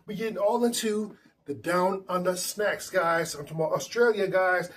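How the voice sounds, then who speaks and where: A man's voice: high voice, normal speed, fairly bright tone. A man hosting a casual snack tasting vlog indoors at a table, chatty and enthusiastic with loose restarts. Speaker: food vlogger.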